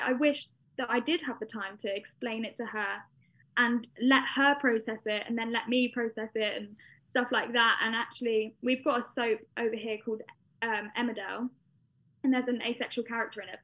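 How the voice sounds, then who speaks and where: A young British woman telling a personal story in a casual, chatty way, with many fillers. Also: on the high side. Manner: chatty, with frequent fillers and laughs. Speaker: guest. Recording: dull lo-fi sound.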